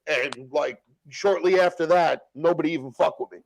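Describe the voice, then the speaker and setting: A man's voice: fairly high pitch, fairly quick, vocal fry, hardly any pauses, dry recording, rough recording. A man in casual chat, telling stories with lots of swearing and acting out what others said. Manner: profane, storytelling, acts out quotes. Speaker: guest telling prison stories.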